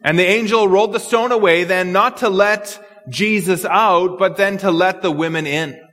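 A man's voice: sits high, moderate pace, a bit bright, long reverb tail. A man preaching an expository sermon, earnest and thinking aloud, repeating words as he works through a passage. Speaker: pastor.

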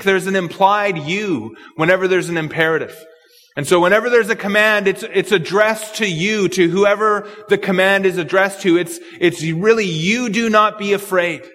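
A man's voice: high voice, fairly bright tone, in a large hall. A man preaching an expository sermon, earnest and thinking aloud, repeating words as he works through a passage. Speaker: pastor.

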